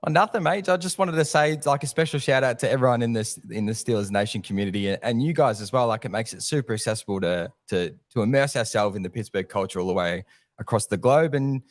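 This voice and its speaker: A man's voice: mid-range voice, quick pace. A young Australian man, a fan visiting the studio as a guest, chatting in a friendly casual way. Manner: friendly, says mate often. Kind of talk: casual chat.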